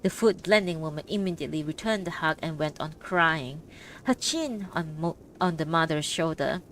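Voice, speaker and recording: A woman's voice: low voice, lively intonation, fairly bright tone, slight background noise. Woman reading an audiobook. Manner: measured reading. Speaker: audiobook reader. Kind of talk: audiobook narration.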